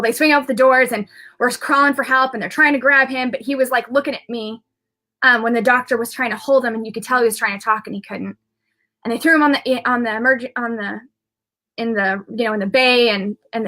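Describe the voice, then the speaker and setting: Bright-voiced woman rambling through a story. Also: fairly high pitch. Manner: rambling, restarts often, many fillers. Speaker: intuitive medium. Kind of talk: personal storytelling on a live video.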